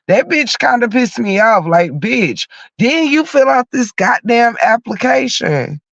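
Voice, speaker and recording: A podcast host with a high, slightly bright voice and a stuffy nose from a cold rants bluntly, cursing his way through a heated story in a profane comic style. The lo-fi recording is dull and dry, with no room sound.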